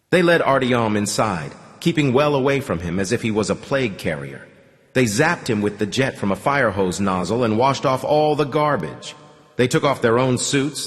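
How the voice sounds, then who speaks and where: A man reads a novel aloud as an audiobook in a measured, steady way. His voice sits at an ordinary middle pitch. A long reverberant tail lingers after each phrase. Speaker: audiobook narrator. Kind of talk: scripted audiobook narration.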